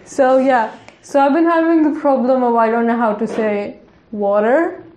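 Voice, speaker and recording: Giggly chatty woman, slightly high voice. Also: steady tone, moderate pace, a little mellow. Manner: chatty, giggly, lots of fillers. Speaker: podcast co-host. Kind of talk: casual podcast chat. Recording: roomy echo.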